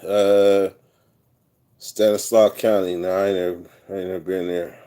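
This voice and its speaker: A man's voice: low voice, flat delivery, normal speed, warm tone. Profane, rambling man. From California. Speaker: vlogger telling prison stories. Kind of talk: casual storytelling monologue.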